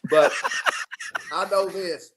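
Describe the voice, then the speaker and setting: A man from Arkansas, a football coach telling lively stories as an interview guest. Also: high voice, slow, slight background noise. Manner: animated storyteller, acts out quotes. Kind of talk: storytelling in a radio interview.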